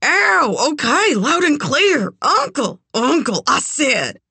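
A woman voicing a crude, drunk man in his forties who talks loudly and leeringly. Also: medium pitch, expressive, takes it slowly, no room sound, voice pushed up. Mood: nervous.

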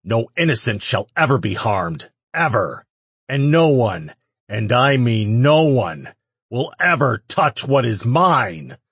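Guy putting on a loud angry demon lord, husky snarl, dry close sound. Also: medium pitch, very animated, slow pace, few pauses, no room sound, voice pushed up, heavily acted. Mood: commanding. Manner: loud, growling threats. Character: furious young male demon lord, commanding. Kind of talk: audiobook character voice.

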